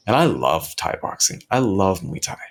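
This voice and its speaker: A man hosting his own podcast, talking earnestly and reflectively on his own at home, often halting and restarting his sentences. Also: deep voice, very animated. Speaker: podcast host. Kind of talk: reflective solo talk. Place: home recording setup.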